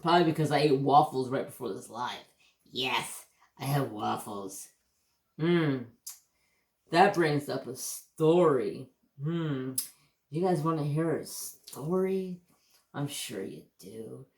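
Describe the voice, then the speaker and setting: Slow-talking, cursing American man. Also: medium pitch, animated, roomy sound. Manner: rambling, profane, easygoing storytelling. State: hiccups. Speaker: craft channel host. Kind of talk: casual livestream chat.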